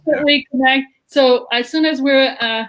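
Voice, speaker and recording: A woman's voice: high voice, steady tone, fairly quick, a bit bright, rough recording. A woman hosting a live video-call interview, gushing and effusive in manner. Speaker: host of an online interview show. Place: at home in Jerusalem.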